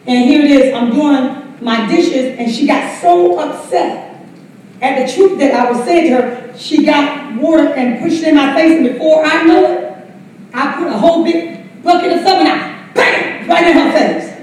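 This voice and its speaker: Southern US woman pastor, high bright voice, lively preaching, faint background hiss, heard from across an echoey hall. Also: moderate pace, recorded from a distance. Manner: exclaims "come on" often, laughs while preaching. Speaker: pastor leading Bible study. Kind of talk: lively sermon-style teaching. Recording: echoey church hall mic from afar.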